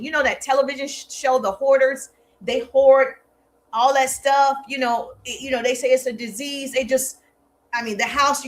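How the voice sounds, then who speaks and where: Bright high-voiced woman coaching emphatically. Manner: emphatic, preachy, playfully sarcastic. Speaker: social media marketing coach. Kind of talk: live motivational teaching talk.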